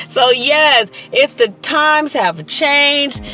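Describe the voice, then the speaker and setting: A woman in her fifties talks straight to her viewers in a lively, sassy monologue, slipping into voices for everyone she quotes. Her voice sits high and bright, with a forceful edge. Soft music plays faintly behind her. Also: normal speed, lo-fi sound. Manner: animated and sassy, acts out quoted people. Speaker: vlogger. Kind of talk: casual storytelling monologue.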